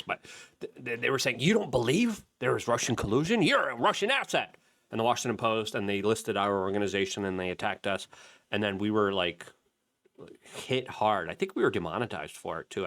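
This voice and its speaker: A middle-aged man hosting an independent media channel, giving heated commentary and mocking the people he quotes. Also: fairly low pitch. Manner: animated, mocking voices when quoting others. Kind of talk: commentary with a product plug.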